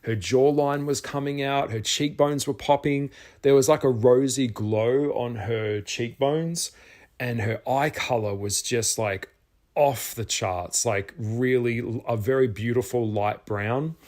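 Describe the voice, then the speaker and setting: Man telling a story, lively and expressive. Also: medium pitch, unhurried. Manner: animated, swears, acts out his own past shouts. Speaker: spiritual vlogger. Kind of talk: casual storytelling.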